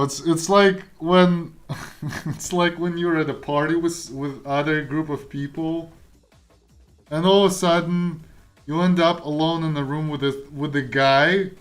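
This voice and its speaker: A young man streaming, chatting casually and rambling while he codes, often stopping mid-sentence and laughing. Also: on the high side. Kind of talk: casual chat while coding.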